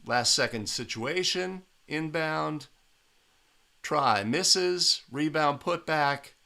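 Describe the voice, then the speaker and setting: A man with a bright, forceful voice breaks down a game clip for basketball referees. His tone is emphatic and coaching, and he keeps checking in with "right?" He sits at a desk mic in a small room. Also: a little high, lively intonation, very slow, gravelly. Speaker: basketball officiating instructor. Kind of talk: video analysis commentary.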